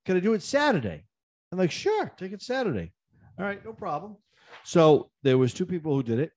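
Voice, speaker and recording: Man ranting animatedly in casual chat. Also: brisk. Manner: animated ranting, jumps high in pitch when riled; acts out the other side of phone calls. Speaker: storyteller in a chat.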